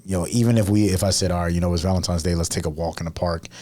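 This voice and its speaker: A man's voice: deep voice, fairly even intonation, rapid-fire, warm tone. A man in his thirties co-hosting a podcast, telling stories in a laid-back, slangy way with frequent laughs. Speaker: podcast co-host. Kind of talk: casual chat.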